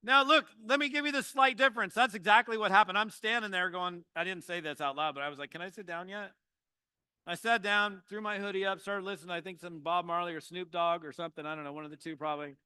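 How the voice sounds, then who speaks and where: A man in his fifties who trains network marketers, giving a motivational talk to an audience with joking, animated storytelling. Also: sits high, fast, few pauses, smooth, no echo.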